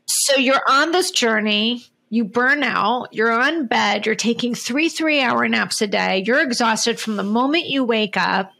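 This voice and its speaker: A woman's voice: fairly high pitch, unhurried, creaky, few pauses, sharp tone. A woman hosting a podcast interview, earnest and explanatory, steering the talk with questions. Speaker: podcast host.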